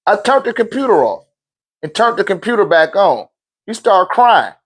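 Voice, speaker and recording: A man in his thirties teaching spiritual ideas in a casual, animated lecture, laughing, swearing and telling stories. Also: high-pitched, normal speed, breathy edge. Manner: animated, swings into loud shouted quotes; laughs often, swears, street slang.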